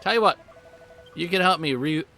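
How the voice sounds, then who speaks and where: A man's voice: fairly high pitch, normal speed, pushed and bright, soft background music, voice pushed up. A man voicing a cocky, taunting sailor who picks fights, in a put-on Southern drawl. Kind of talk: reading game dialogue aloud.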